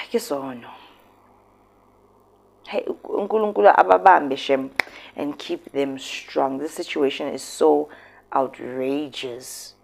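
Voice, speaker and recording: Expressive South African woman commentator. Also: low-pitched, slow pace, vocal fry, long pauses. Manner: expressive, emphatic, switching into local words. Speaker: commentary host. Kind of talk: casual commentary.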